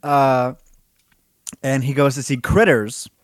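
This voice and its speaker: A man's voice: mid-range voice, steady tone, takes it slowly, dry recording, clean studio sound. A man co-hosting a casual movie chat, telling the plot in a teasing, storytelling way. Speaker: podcast co-host.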